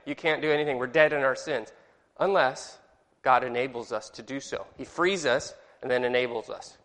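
A man's voice: fairly high pitch, a bit bright. A man teaching a Sunday school class, chatty and joking, asking the group questions. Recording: long reverb in a hall.

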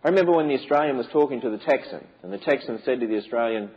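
A man's voice: mid-range voice, lively intonation, racing, few pauses, muffled recording. A man giving an emphatic preaching lecture to a church audience, with many rhetorical questions. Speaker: speaker on biblical creation.

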